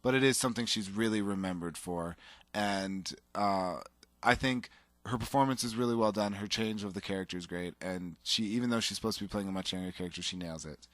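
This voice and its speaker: A man's voice: fairly low pitch, brisk, a bit bright, dry recording. A man co-hosting a casual talk show, rambling enthusiastically about his favorite films with frequent restarts. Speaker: podcast co-host. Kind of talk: casual chat.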